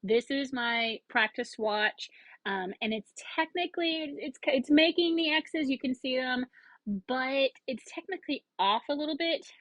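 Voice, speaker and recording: A woman chatting excitedly in a casual haul video, rambling with fillers and bursts of enthusiasm. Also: high voice, unhurried, dry recording, rough recording. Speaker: yarn vlogger.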